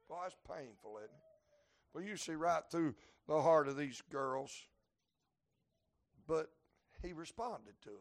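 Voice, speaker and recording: A man, preaching a sermon to a congregation. He moves between quiet, folksy asides and shouted climaxes. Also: a little high, animated, measured pace, long pauses. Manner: folksy humor, plainspoken dialect. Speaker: traveling preacher. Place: church building before a congregation.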